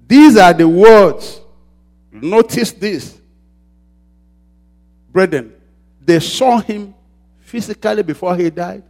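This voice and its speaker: A man preaching a sermon, asking the congregation to finish his sentences and swinging between loud shouts and quiet asides. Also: a little high. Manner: call-and-response preaching, asks the congregation to fill in words.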